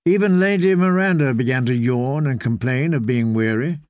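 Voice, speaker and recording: A man narrating a fantasy novel in a measured storytelling manner. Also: medium pitch, a little mellow, dry recording. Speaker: audiobook narrator.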